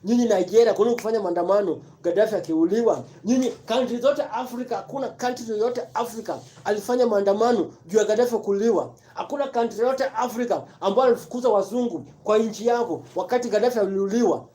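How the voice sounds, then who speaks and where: Fired-up commentator, mellow voice. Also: mid-range voice, fast talker, hardly any pauses. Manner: repetitive, emphatic, rhetorical questions. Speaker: live-stream commentator. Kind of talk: impassioned political rant mixing Swahili and English.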